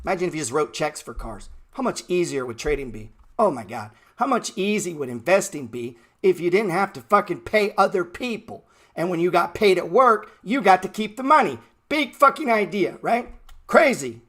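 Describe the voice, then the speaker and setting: A man's voice: sits high, big pitch swings, moderate pace, a bit bright. Brash, blunt man ranting. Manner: blunt, brash and mocking, heavy swearing. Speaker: trading show host. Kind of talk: profane motivational rant.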